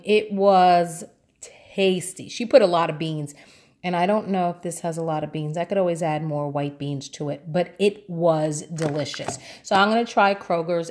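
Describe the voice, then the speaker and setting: A woman from New York City, a vlogger chatting casually through a grocery haul, rambling along with lots of ums and uhs. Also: on the low side.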